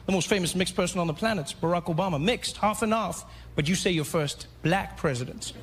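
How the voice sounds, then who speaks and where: Animated stand-up comic man. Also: high voice, fairly quick, slightly rough. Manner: animated, jumps into character voices. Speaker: stand-up comedian. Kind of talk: stand-up comedy. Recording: loud noisy live recording.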